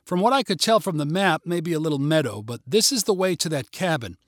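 A man's voice: on the high side, expressive, no echo, clean studio sound, natural voice. A man voicing a confident mother leading her family on a hike and reassuring them. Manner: brisk, reassuring. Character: confident, encouraging hiking mother.

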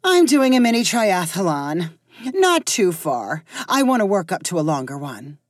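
A woman's voice: lowish voice, big pitch swings, measured pace, no room sound, clean studio sound. A woman voicing a sporty young runner who is out of breath after a jog.

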